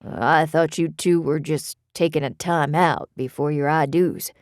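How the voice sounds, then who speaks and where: A woman voicing a reluctant, kindly middle-aged male shop owner in an audiobook, quiet and apologetic. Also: deep voice, fairly even intonation, a little slow, no echo, clean studio sound. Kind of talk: audiobook character reading.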